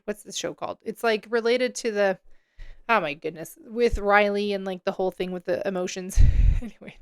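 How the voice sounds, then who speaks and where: A woman's voice: medium pitch, smooth, dry recording. Chatty woman coach, dry close sound. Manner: chatty and rambling, lots of "like" and self-corrections. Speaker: podcast host and coach. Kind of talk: casual solo podcast talk.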